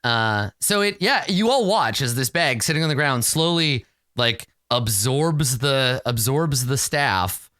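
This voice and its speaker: A man running a tabletop game as dungeon master, narrating scenes and talking quickly with his players in asides. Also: medium pitch, animated, bright, forceful tone, dry recording, studio quality.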